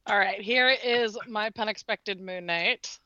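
A woman hosting a podcast over a video call, relaxed and dryly amused. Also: medium pitch, slow pace, no echo. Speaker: podcast host. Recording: dry, dull lo-fi call audio.

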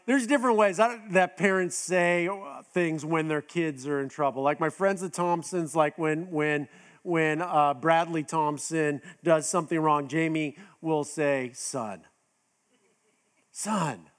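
A man's voice: steady tone, unhurried, fairly bright tone. A middle-aged man preaching a sermon in a conversational way, with many restarts, now and then acting out quoted voices. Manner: acts out quoted voices with raised pitch. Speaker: pastor.

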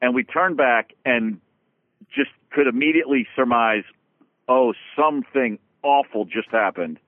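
A man telling a long backstage story in casual conversation, halting with restarts and swearing as he talks. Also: mid-range voice, no room sound. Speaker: guest musician. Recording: dry tinny phone-like sound.

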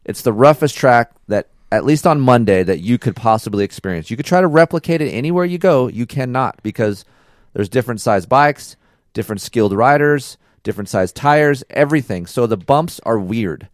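A podcast co-host rambles through profane, animated stories in casual chat. His mid-range voice moves at a moderate pace, with clean studio sound and no echo.

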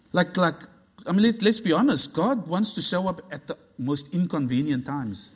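A man preaching a sermon, telling a story in an animated way and acting out the dialogue. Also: fairly high pitch, moderate pace, breathy edge. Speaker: pastor.

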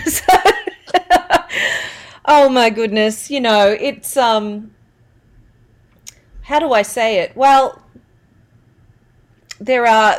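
Australian voiceover lady chatting in an interview, bit high, animated, laughs a lot. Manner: animated, laughing, acts out quotes. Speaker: voiceover artist, guest. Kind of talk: interview storytelling.

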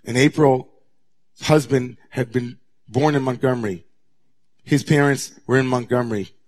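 A man, a rabbi, preaching a sermon to his congregation, moving from hushed near-whispers to raised, intense passages. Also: mid-range voice, steady tone, normal speed. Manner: dramatic, swings from hushed to raised voice.

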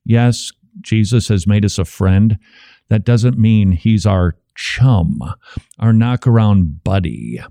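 A man's voice: lowish voice, slow pace, gravelly, no room sound, studio quality. A middle-aged man hosting a casual commentary show, joking wryly about church signs and sermons. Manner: wry, joking, animated. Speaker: radio host.

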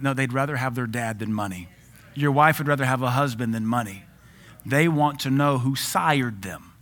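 This sermon comes from a pastor in his forties whose mid-pitched voice stays conversational and moves at a normal speed. He keeps things lively with jokes and laughs frequently as he drives home his points.

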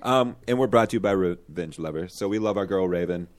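A man's voice: deep voice, fairly quick. A man hosting a casual podcast, joking loosely and stumbling through his plugs. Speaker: podcast host.

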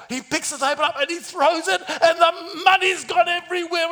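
A man's voice: very high voice, a little fast, few pauses, sharp tone. A man preaching a sermon in a dramatic storytelling style, acting out the scenes he describes. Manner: dramatic, acts out the scenes, plays other voices.

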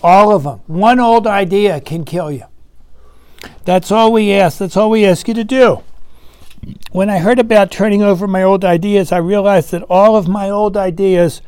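A man's voice: high-pitched, moderate pace, a little mellow, clear, resonant tone, dry recording. A man leading a recovery meeting, talking earnestly and conversationally, asking the room questions and acting out voices in his story.

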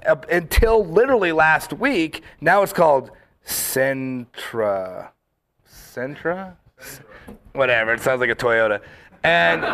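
Rambling man telling bar stories. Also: a little high. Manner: rambling, animated storytelling with many fillers; acts out quoted lines in the story. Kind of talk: casual chat.

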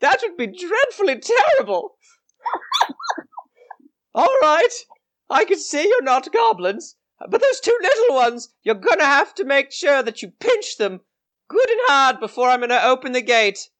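A man voicing a crabby old woman gatekeeper in a tabletop game, with a shrill, bossy, rustic way of talking. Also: wildly swooping pitch, measured pace, fairly bright tone, exaggerated voice. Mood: shrill alarm. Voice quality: shrill, high put-on voice. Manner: grumbling, bossy, rustic talk.

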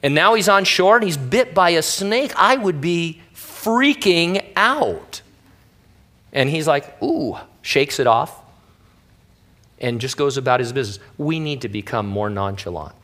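A man's voice: on the high side, animated, measured pace, a bit bright. Male pastor, wry conversational Bible teaching. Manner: casual and wry, with playful asides.

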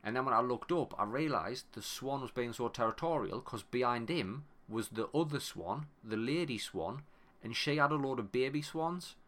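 This thirty-something podcast co-host is spinning a story in relaxed conversation, lively and foul-mouthed, frequently breaking off partway through a phrase. He has a mid-range voice and keeps a moderate pace.

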